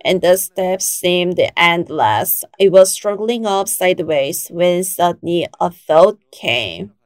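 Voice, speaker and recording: A woman in her forties preaching a sermon, slow and emphatic, rising sharply when she quotes herself. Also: fairly low pitch, animated, dry recording. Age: 40s.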